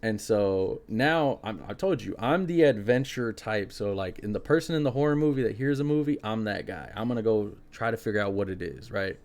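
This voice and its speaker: A young man hosting a podcast, telling a spooky personal story in an animated, casual way, full of fillers. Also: lowish voice, fairly quick, hardly any pauses. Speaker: podcast host.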